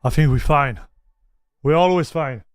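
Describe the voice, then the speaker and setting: A man's voice: fairly high pitch, measured pace, soft background music. A man with a French accent, a native French speaker, casually hosting a gaming livestream and greeting viewers one by one with a laugh. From North America. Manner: chatty, greets viewers by name, mixes in French and Spanish phrases, laughs often. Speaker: streamer reviewing Linux gaming.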